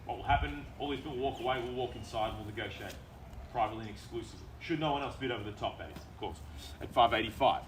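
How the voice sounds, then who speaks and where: An Australian man working as an auctioneer, calling bids in a quick, persuasive patter at an outdoor property auction. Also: medium pitch. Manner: fast, persuasive auction patter with repeated bid calls. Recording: distant outdoor mic with background noise.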